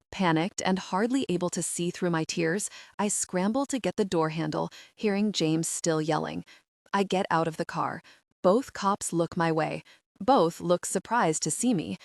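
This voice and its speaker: A woman reading a dark romance audiobook in first person, with dramatic, tense storytelling. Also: on the low side, creaky, no room sound, clean studio sound. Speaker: audiobook narrator.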